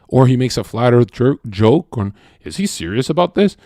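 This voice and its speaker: A man talking to his stream in a casual, animated and profane monologue, swinging between loud rants and quiet asides. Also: medium pitch, normal speed, creaky, hardly any pauses, dry recording, studio quality.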